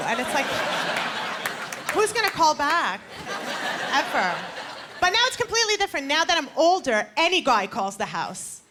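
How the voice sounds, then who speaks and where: A woman in her twenties does stand-up in a high, bouncy voice that swings all over the place. She works the room with punchy, playful energy. Her stage mic sits under a loud crowd and heavy room noise. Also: sing-song, normal speed, long pauses. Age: 20s. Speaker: stand-up comedian. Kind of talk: stand-up comedy. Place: comedy stage before a live audience.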